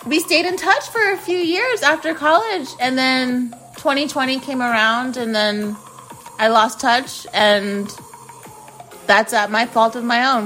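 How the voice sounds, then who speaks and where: Woman podcast host, late twenties, chatty and frank, higher-pitched voice, faint music underneath. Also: a bit bright. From United States. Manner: chatty, frank, swears casually. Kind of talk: casual solo storytelling.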